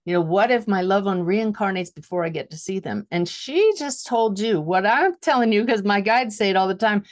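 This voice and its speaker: A woman's voice: medium pitch, normal speed. A woman hosting a podcast interview, enthusiastic and affirming as she responds to her guest. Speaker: podcast host. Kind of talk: interview conversation.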